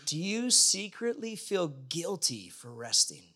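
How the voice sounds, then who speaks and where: A man's voice: on the high side, very animated, slow, bright, forceful tone. A middle-aged man preaching a sermon in a conversational way, often putting questions to the congregation. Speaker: pastor.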